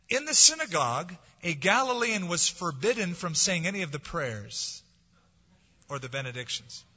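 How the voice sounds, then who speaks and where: A man preaching a sermon, swinging from forceful, dramatic lines to soft, hushed ones. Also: fairly high pitch, slightly rough. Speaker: pastor. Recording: dull lo-fi sound with long hall reverb.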